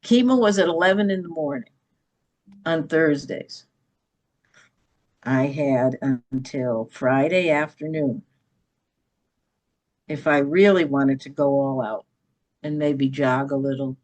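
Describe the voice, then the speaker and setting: A woman's voice: low-pitched, slow, long pauses, a little mellow. A middle-aged woman, a podcast guest, telling a personal story with emphasis and often checking in with "okay?".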